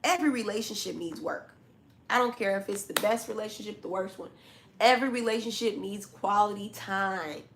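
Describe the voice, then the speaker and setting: A woman's voice: mid-range voice, a little fast, a bit bright, a little hiss or hum. A woman doing a zodiac tarot reading to camera, talking straight at the listener in a blunt, scolding way, with casual slang and repeated points. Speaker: tarot reader.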